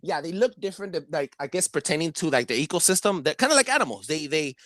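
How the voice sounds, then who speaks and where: A man's voice: on the high side, lively intonation, fast, fairly bright tone, no room sound. A man hosting a podcast, talking in a loose, slangy way with plenty of swearing. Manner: loose, slangy, heavy swearing, frequent backchannel. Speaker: podcast host. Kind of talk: casual chat.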